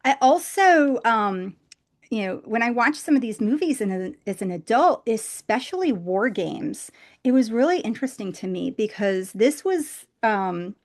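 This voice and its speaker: A woman's voice: on the high side, unhurried. Chatty woman telling a story on stage. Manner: chatty, frequent "like" and "you know" fillers; animated, acting out quoted voices. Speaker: conference speaker. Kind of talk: casual storytelling talk.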